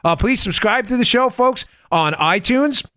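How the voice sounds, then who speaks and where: Animated bright-voiced male political host. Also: extremely high pitch, dry recording, clean studio sound. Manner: animated, mocking quoted voices, quick asides. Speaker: podcast host. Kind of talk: political talk show monologue.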